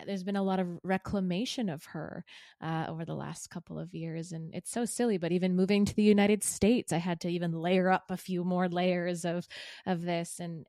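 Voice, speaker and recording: A woman's voice: on the low side, no room sound, studio quality. A woman from Canada hosting a podcast, earnest and thoughtful, sharing memories openly. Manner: earnest, thoughtful, with soft affirming murmurs. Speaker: podcast host. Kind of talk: reflective conversation.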